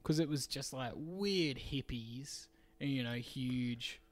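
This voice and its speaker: A man's voice: mid-range voice, slow pace. An Australian man hosting a casual podcast, joking, laughing often and calling people mate. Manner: jokey, laughs often, says mate a lot. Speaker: podcast host.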